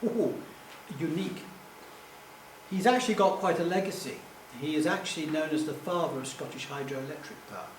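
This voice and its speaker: Talking fast with few pauses, this public speaker has a fairly high voice and rambles through a self-deprecating live talk full of jokey asides. It's recorded from afar in an echoey room, and a faint hum runs beneath.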